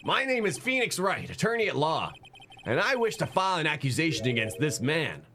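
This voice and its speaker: A man's voice: a little high, wildly swooping pitch, brisk, pushed and bright, a little hiss or hum, full character voice. Earnest young male lawyer with dramatic delivery, man reading.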